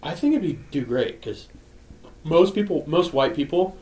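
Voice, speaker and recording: Young man, from Southern California, slightly raised pitch, laid-back joking chat, roomy echo. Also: animated, normal speed, darkish tone. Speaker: podcast co-host. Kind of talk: casual chat.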